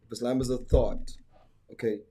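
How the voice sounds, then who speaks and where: Deep husky dude, mellow voice, hammering a religious point over and over. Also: male voice, fairly even intonation, moderate pace. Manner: emphatic, repeats himself, uses Arabic terms. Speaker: podcast co-host. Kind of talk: casual religious argument.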